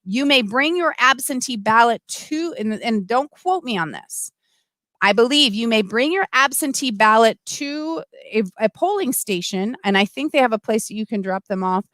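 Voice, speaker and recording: A middle-aged woman hosting a casual livestream, chatty and animated, full of asides and restarts. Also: a little high, normal speed, no room sound. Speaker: livestream host. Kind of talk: casual livestream talk, reading comments.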